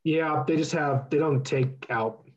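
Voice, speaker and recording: A Californian man co-hosts a casual podcast, speaking in a mock-dramatic, theatrically emotional way. His voice is a little high and a little slow, recorded lo-fi with background noise.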